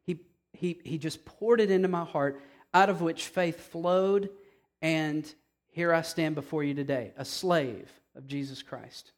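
Animated high-voiced male preacher. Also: unhurried. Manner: animated, conversational, frequent "okay?" checks. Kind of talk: sermon.

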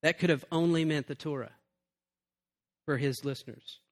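A man's voice: fairly high pitch, normal speed. A man giving a sermon about preaching in an earnest, conversational way.

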